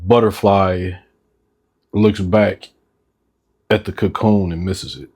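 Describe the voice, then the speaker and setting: A man co-hosting a casual podcast, speaking in a halting, reflective way with lots of "you know". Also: deep voice, steady tone, a little mellow, breathy edge. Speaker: podcast co-host.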